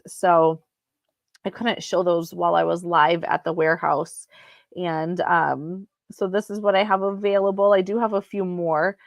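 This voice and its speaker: Woman host for a home live-sale stream, easygoing chat, slow delivery, dry close sound. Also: mid-range voice, dry recording. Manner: chatty, unhurried, many ums. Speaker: crystal seller hosting a live sale.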